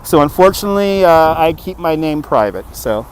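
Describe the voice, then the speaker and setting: A New York City man hosts a casual livestream walking tour on a city street at dusk, filming on a phone on a handheld gimbal. He chats, jokes and answers viewer comments as traffic and street ambience fill the background. His fairly high voice is very animated, clear and resonant, at a moderate pace.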